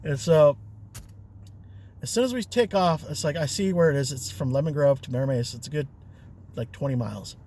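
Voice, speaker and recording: A man's voice: on the high side, brisk, long pauses, darkish tone, a little hiss or hum. Chatty man telling a story. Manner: chatty, loose, with fillers and chuckles. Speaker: rideshare driver and vlogger. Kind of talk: casual storytelling.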